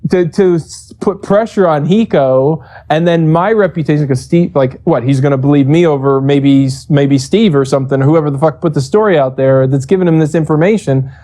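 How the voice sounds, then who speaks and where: Profane, animated man with a mellow voice. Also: on the high side, normal speed, hardly any pauses. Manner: profane, animated, acts out quoted exchanges. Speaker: esports coach. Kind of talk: casual storytelling interview.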